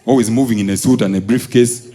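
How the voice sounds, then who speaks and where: Brief: young Ugandan man doing stand-up, lively storyteller who acts out characters. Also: mid-range voice, quick pace, a little hiss or hum. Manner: animated storytelling, acting out characters, laughing. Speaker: stand-up comedian. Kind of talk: stand-up comedy set.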